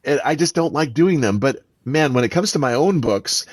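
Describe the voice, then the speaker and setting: An author and voice actor talks as a podcast guest, telling stories with lively emphasis. His voice sits at an ordinary middle pitch. The recording is dry, with almost no room sound. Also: moderate pace, few pauses, breathy edge, no room sound. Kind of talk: casual podcast interview.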